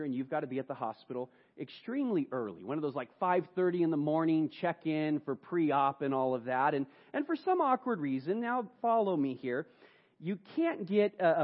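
A man preaching a sermon, telling the story dramatically and moving between hushed and raised passages. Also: mid-range voice, phone-quality sound. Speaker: pastor.

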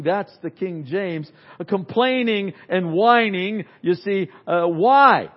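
A man preaching an unscripted sermon, swinging from loud emphasis to near-whispers and acting out complainers in quick asides. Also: high-pitched, muffled recording. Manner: animated, swings from loud to very quiet. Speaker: pastor.

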